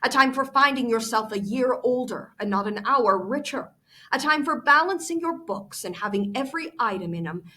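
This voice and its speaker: A woman reading aloud and voicing a stingy, bitter old male miser with scornful, sharp outbursts. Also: a little high, expressive, normal speed, pitched above the performer's own voice.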